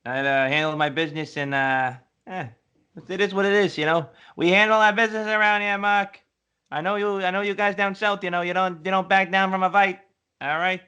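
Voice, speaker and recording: A man's voice: sits high, steady tone, a little fast, pushed and bright, clean tone. A man playing a brash, salesy hiring manager in a comedy sketch who repeats himself, talking over a video call.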